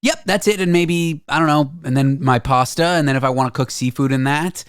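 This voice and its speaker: Canadian guy hosting radio, talks on and on with little pauses, dry close mic. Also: a little high, smooth, no room sound. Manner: chatty, explains at length with hesitations. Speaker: radio host. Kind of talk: casual radio banter.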